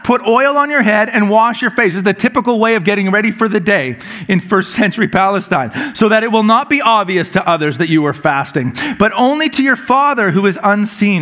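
A man's voice: sits high, a bit bright. A male pastor preaching a conversational, humorous sermon. He often repeats a word as he restarts a phrase.

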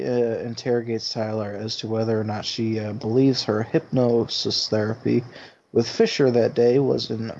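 A man co-hosts a podcast and retells a movie plot in a relaxed, chatty way. He swears casually and laughs often. The audio is slightly dull and lo-fi. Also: mid-range voice, husky. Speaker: podcast co-host.

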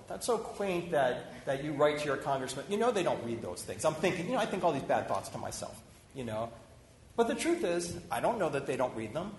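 Animated man speaking in an echoey hall. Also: on the high side, a little hiss or hum. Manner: conversational, animated, many restarts. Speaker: rabbi. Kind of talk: informal sermon discussion. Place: synagogue hall. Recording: roomy hall echo, faint ambience.

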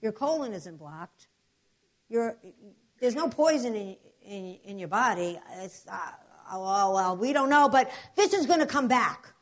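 A woman's voice: fairly high pitch, expressive, unhurried. Woman doing a stern, patronizing surgeon. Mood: baffled. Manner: bossy, condescending.

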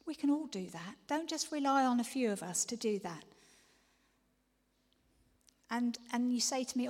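A woman's voice: on the high side, expressive, a little fast, hardly any pauses, a little mellow. A woman preaching a sermon, earnest, often dropping to a whisper before emphatic declarations. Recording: long reverb of a large hall.

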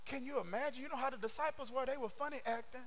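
A man preaching a sermon with fervor, often shouting and throwing rhetorical questions at his listeners. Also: very high-pitched, racing, a little hiss or hum. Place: church service streamed online.

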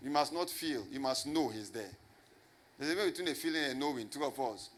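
A man preaching a sermon to a congregation, emphatic and repetitive, often asking rhetorical questions and slowing down to stress key words. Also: mid-range voice, animated, a bit bright. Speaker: pastor.

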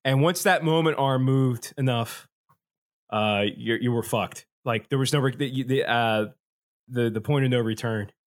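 A man's voice: medium pitch, measured pace. Man, casual podcast co-host, rambling and laughing, plain mid voice. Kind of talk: casual chat.

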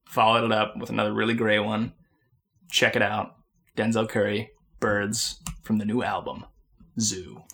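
Man, podcast co-host, bright voice, joking manner, casual chat. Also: lowish voice, steady tone, moderate pace, creaky. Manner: joking, wry asides.

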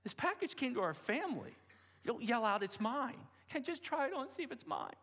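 A man's voice: very high-pitched, sing-song, brisk, a bit bright, slightly rough, long reverb tail, pitched above the performer's own voice, exaggerated voice. A man voicing a stern mother who sharply scolds her daughter. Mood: scolding.

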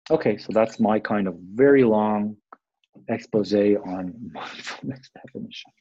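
A man's voice: lowish voice, measured pace, mellow, dry recording, dull audio. A man explaining mindfulness in a rambling, self-aware way, acting out little quoted voices. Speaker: interview guest.

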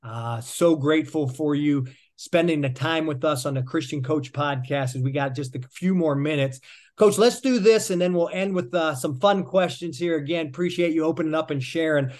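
A man's voice: fairly high pitch, normal speed, darkish tone. A man hosting a podcast interview, enthusiastic and encouraging, cheering his guest on. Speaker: podcast host.

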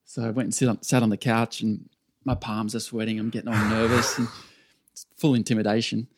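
A man's voice: lowish voice, level tone, brisk, a little hiss or hum. A man with an Australian accent, a stunt performer, telling stories in a laid-back podcast interview with lots of fillers and restarts. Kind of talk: casual storytelling interview.

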